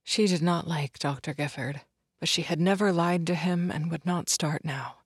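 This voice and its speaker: A narrator reading a historical novel in a measured, even way. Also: male voice, a little high, slightly rough, no room sound, studio quality. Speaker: audiobook narrator. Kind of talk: scripted narration.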